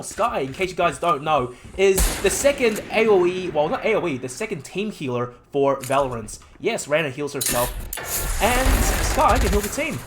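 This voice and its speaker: An esports co-commentator giving excitable live commentary on a match and laughing often. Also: mid-range voice. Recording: noisy background hiss.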